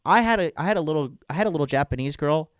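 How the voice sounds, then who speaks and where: A man's voice: fairly high pitch, animated, rapid-fire, no echo, studio quality. A man hosting a casual livestream as a dating coach, talking bluntly and crudely to viewers and reading out chat.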